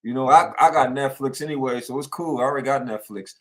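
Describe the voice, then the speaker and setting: A man co-hosting a casual sports talk show, animated and rambling, repeating himself as he tells stories. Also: medium pitch, fast. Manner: animated storyteller, repeats himself, lots of fillers.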